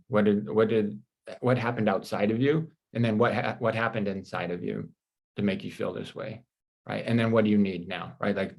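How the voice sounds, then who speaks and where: A man with a fairly low voice coaches his audience live, talking in a calm, reassuring, conversational way. He keeps checking in with a "right?" and pauses now and then to read viewer comments aloud. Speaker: life coach.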